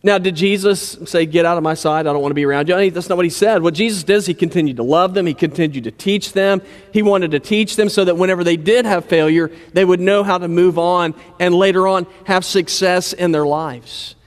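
A man preaching a sermon in a conversational way, sometimes dropping low and quiet to stress a point. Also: brisk, hardly any pauses, in a large hall. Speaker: pastor.

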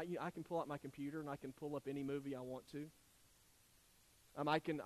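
A man preaching a sermon. His voice sits a little higher than most men's. He talks in an earnest, conversational way, often restarting his sentences as he goes. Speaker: pastor.

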